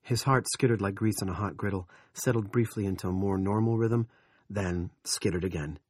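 A man reading an audiobook in measured, steady scripted narration. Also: deep voice, slightly rough, no room sound, clean studio sound.

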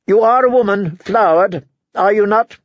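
A male narrator putting on a sharp, suspicious noblewoman, bitter and self-pitying, who wheedles one moment and pries the next. The voice sits a little high and clipped, heard dry and slightly dull, as in a close-miked audiobook recording. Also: normal speed, no echo. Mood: sharp prying.

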